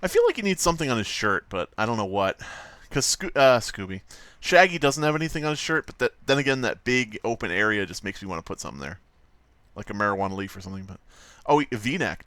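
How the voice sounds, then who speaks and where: A man's voice: fairly low pitch, animated, fairly quick, a bit bright, no room sound. A man hosting a live stream, chatting casually and rambling with jokes and frequent swearing while he draws. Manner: rambling, joking, swears freely. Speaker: livestream host.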